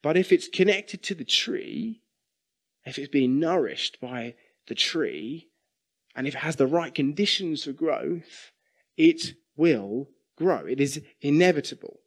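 A middle-aged man gives a sermon that feels like a conversation, regularly turning questions to the congregation. He speaks at a medium pitch.

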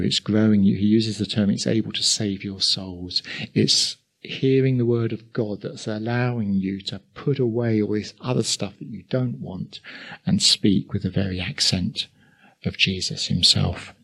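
An older man with an Essex accent preaching a sermon, chatty and full of asides. His voice sits low and gravelly, with a husky, slightly rough edge. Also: steady tone, a bit bright. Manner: conversational, with asides and quick chuckles.

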